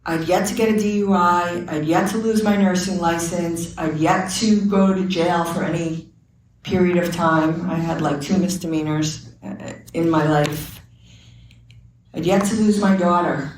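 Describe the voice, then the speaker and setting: A woman's voice: fairly low pitch, steady tone, unhurried, darkish tone, a little hiss or hum. A woman giving a candid, earnest personal testimony at a recovery meeting. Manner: candid, earnest storytelling with quoted dialogue. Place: meeting room. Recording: very echoey room, speaker far from mic.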